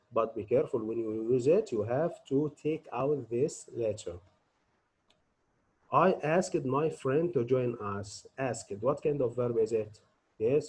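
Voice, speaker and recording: Guy teaching english grammar, slow and careful, kinda husky voice, quizzes the class. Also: medium pitch, dark tone, poor audio. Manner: slow, deliberate, asks students questions and answers them himself. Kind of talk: grammar lesson to students.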